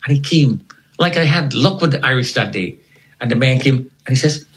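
A man's voice: medium pitch, big pitch swings, fairly quick, rough recording. A man, an interview guest, recounting a personal story and animatedly acting out the dialogue.

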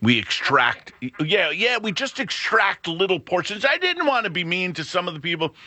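A man's voice: high-pitched, very animated, moderate pace, sharp tone, dry recording. A middle-aged man hosting a podcast, telling a rambling, self-deprecating story with many restarts. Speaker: podcast host. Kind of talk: casual monologue.

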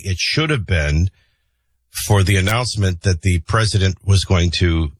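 A man hosting a morning talk radio show, mixing news headlines with opinionated, conversational commentary and frequent filler pauses. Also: low voice, breathy edge, dry recording, clean studio sound. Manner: opinionated, conversational, sarcastic asides. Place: radio studio. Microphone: studio broadcast mic.

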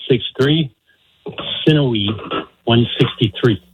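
A man's voice: mid-range voice, slow, lo-fi sound, background noise. A man in his sixties calling a radio show, joking and friendly. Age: 60s. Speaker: caller. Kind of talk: call-in radio talk.

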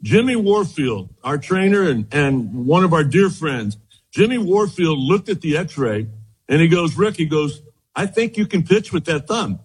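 An older man, a former ballplayer, recounting his career in an animated interview, acting out the dialogue he quotes. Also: fairly high pitch, measured pace, husky. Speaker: former pitcher, guest. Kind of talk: storytelling interview.

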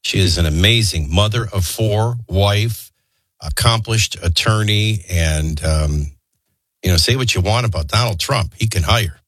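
A man's voice: fairly low pitch, measured pace, fairly bright tone, dry recording. A man hosting a morning radio show, reading headlines and taking callers with loose, joking asides. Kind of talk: news reading and call-in chat. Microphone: studio microphone.

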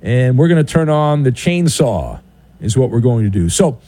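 A man's voice: medium pitch, sing-song, normal speed, mellow, dry recording. A man hosting a sports talk radio show in a studio, delivering a sardonic, theatrical monologue with swooping announcer flourishes. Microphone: studio broadcast mic.

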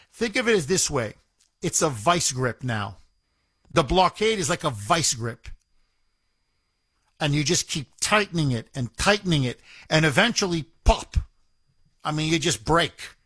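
A man with a high voice hosts a call-in talk radio show, pressing his points hard and repeating words for stress. His voice sits close and dry on the studio mic, with no room sound around it. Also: expressive, slow, long pauses, pushed and bright, dry recording.

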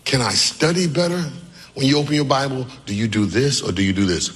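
A man preaching a sermon as pastor, calling on the congregation to answer back and shouting his key lines. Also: mid-range voice, big pitch swings, fairly quick, in a large hall. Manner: call-and-response preaching, often shouting emphatic lines. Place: church sanctuary with congregation.

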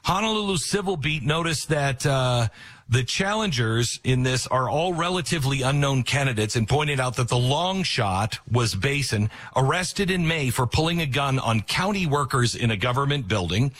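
A man's voice: mid-range voice, lively intonation, normal speed, a bit bright. A man giving opinionated political news commentary, retelling stories sarcastically and acting out the quotes.

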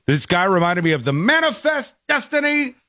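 Lively joking male podcast host. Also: high-pitched, normal speed, dry recording, clean studio sound. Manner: joking, animated retelling with laughs. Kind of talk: casual chat.

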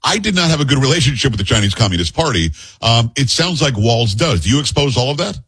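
Raspy fast-talking male radio host. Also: medium pitch, big pitch swings, a bit bright, dry recording, rough recording. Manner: quick, pointed questioning. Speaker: talk show host. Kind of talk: radio interview.

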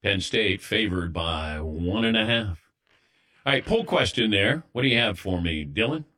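A middle-aged man hosting a sports radio show in relaxed, conversational banter. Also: lowish voice, moderate pace.

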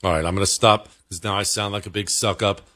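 A man's voice: fast talker, no echo, studio quality. A man hosting a casual political commentary show, talking in a conversational, emphatic way. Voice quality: conversational, emphatic, excitable pitch jumps.

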